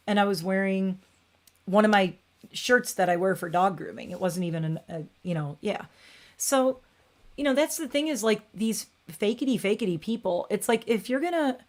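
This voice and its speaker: A woman hosting a casual livestream, rambling and opinionated, with frequent "like" and restarts. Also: medium pitch. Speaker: beauty channel host.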